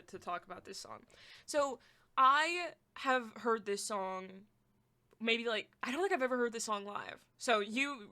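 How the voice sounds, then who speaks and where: A young woman hosting a podcast, giving a casual album review, excitable and blunt, swearing freely as she gushes and rants. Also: medium pitch. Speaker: podcast host.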